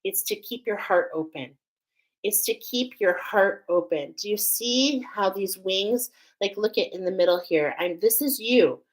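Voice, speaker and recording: A woman's voice: mid-range voice, a little slow, low-quality recording. A middle-aged woman from Australia doing a casual spiritual oracle card reading, chatting with viewers as friends. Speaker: tarot and oracle card reader.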